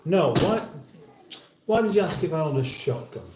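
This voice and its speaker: A man's voice: a little high, big pitch swings, normal speed, echoey room, noisy background. A middle-aged British man hosting a casual livestream, reading out viewer comments in a dry, wry, mock-formal way and sounding a little weary. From United Kingdom. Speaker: livestream host.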